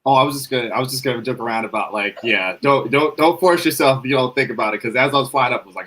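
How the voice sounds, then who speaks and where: A man with a bright, forward voice tells a story on a casual chat show. He jokes his way through it and acts out his own reactions in quotes. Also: medium pitch, racing, hardly any pauses, low-quality recording. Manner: joking, animated storyteller. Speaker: co-host.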